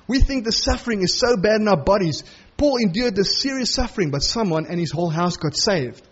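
A man preaches verse by verse, animated and full of quick acted-out asides. His voice sits high for a man and has a husky edge. The recording sounds a little dull and muffled. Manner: animated, acts out the characters' lines in quick asides. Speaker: pastor. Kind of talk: expository sermon on a Bible passage.

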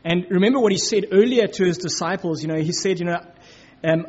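A man's voice: sits high, brisk, a little mellow, husky. A man giving a conversational Bible teaching, filling his talk with "you know" and acting out the quotes. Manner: informal, many "you know, like" fillers, acts out quotes. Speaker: preacher. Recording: dull lo-fi recording.

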